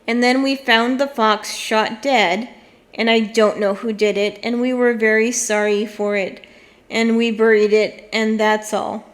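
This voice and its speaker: An earnest young boy in a storybook, explaining himself in a plain, straightforward way. His telling is slow and fairly high, as a woman reads him. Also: flat delivery, natural voice.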